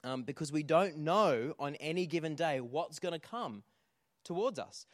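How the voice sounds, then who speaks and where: Man preaching an animated sermon. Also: fairly high pitch, moderate pace, dry recording, studio quality. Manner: animated storytelling with audience call-outs. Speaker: pastor.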